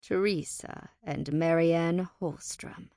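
A toying, menacing male fae from a fantasy storybook, put on by a woman narrator. The voice sits low and unhurried, amused and teasing. It is recorded close and dry. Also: fairly even intonation, warm tone, no room sound. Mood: deliberate.

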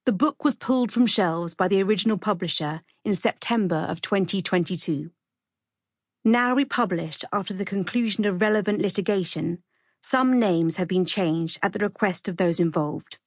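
A woman reads a publisher's statement in a formal, measured manner. Her voice sits at a middle pitch. The recording is dry and close. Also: no echo. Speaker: audiobook narrator reading a publisher's note. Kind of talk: scripted narration.

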